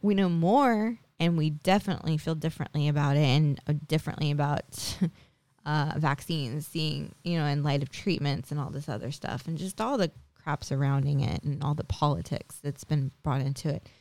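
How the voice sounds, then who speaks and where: Gravelly-voiced woman in her forties, chatty. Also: sits low, moderate pace, darkish tone, no echo. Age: 40s. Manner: chatty, leans on tag questions and fillers. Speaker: podcast host. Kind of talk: casual personal storytelling.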